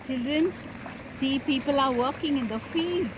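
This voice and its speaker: A woman with an Indian English accent talks to small children in a high voice that sits well above most women's. She speaks slowly and in a sing-song way, coaxing them with questions. The recording is outdoors, with faint farmyard sounds and animals behind her. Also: noisy background. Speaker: kindergarten teacher. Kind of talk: outdoor nature talk to young children. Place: outdoors in a village field.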